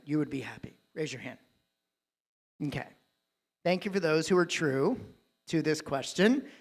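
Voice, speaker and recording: A man giving a keynote talk on a live conference stage, telling a story with dramatic swings between loud and hushed delivery. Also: fairly high pitch, creaky. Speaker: dentist and coach, keynote speaker.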